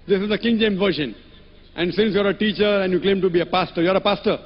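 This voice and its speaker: A man's voice: high-pitched, fast talker. A man answering audience questions at a public lecture, firm and pressing, often addressing the asker as brother. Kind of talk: public debate Q&A. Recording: echoey hall, dull lo-fi sound.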